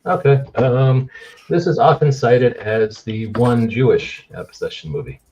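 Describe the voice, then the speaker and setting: A man talks through a movie plot in a loose, rambling way, stopping often on fillers. His middle-pitched voice comes through a slightly muffled, lo-fi recording. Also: lively intonation, measured pace, mellow. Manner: rambling, hesitant, many fillers while recounting a movie. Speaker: podcast co-host. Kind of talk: casual podcast discussion.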